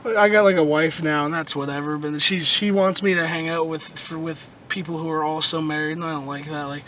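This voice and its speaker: A man co-hosting a podcast in casual chat, retelling a stand-up bit with profane, animated put-on voices. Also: a little high, brisk, dull audio. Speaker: podcast co-host. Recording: distant mic with faint noise.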